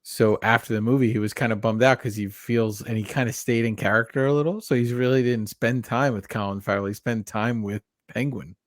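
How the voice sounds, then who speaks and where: A man co-hosting a podcast, casually chatting about a film, relaxed and given to short agreeing replies. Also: medium pitch, fairly quick, few pauses, no room sound, studio quality. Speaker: podcast co-host. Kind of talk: casual movie discussion.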